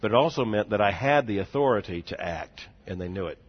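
A man in his forties, a seminary president, telling a story in a speech, swinging between hushed and loud with laughing asides. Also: lowish voice, expressive, fast. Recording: dull lo-fi recording.

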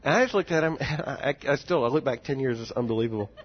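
A man in his forties, a seminary president, telling a story in a speech, swinging between hushed and loud with laughing asides. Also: mid-range voice, lively intonation, quick pace, a little hiss or hum. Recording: dull lo-fi recording.

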